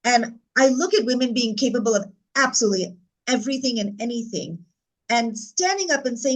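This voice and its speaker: A woman's voice: a little high, expressive, a little fast, poor audio. A woman moderating a panel discussion, affirming the speaker and drawing out a reflective point.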